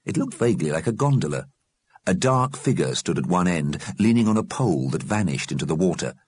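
A man's voice: low voice, very animated, brisk, darkish tone, slightly rough, dry recording. A man narrating an audiobook expressively.

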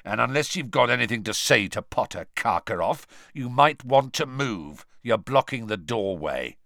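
A man's voice: mid-range voice, animated, normal speed, gravelly, a bit bright, no room sound, clean studio sound. A man voicing a grizzled, grim old male wizard who growls his words in a storybook reading.

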